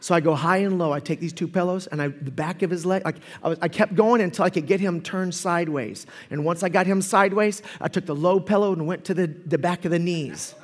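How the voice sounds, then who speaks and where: A man with a high voice delivers a sermon in a church hall with long reverb trailing each line. He tells stories animatedly and then drops into quiet, earnest passages. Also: brisk, few pauses. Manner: animated storytelling, swinging from loud to hushed. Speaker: preacher.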